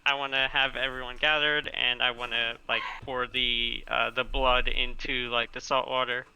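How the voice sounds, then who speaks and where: Male player, tense bright tone, monotone, stop-start phrasing. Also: medium pitch, creaky, clean tone, rough recording. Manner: halting, restarts his sentences. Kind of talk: casual tabletop play.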